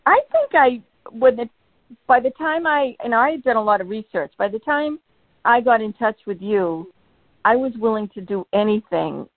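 A woman's voice: on the high side, animated, moderate pace, no room sound. A woman with a Massachusetts accent calling in to a show, speaking hesitantly with many restarts. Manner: hesitant, restarts, laughs easily. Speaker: caller. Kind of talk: phone call-in chat. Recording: dry tinny phone line.

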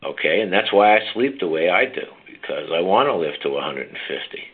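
A man's voice: low voice, expressive, fairly quick. An older man hosting a call-in health show, talking brashly and teasing his callers. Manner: brash, teasing, coaxing listeners. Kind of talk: casual call-in talk. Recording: phone-like narrow line.

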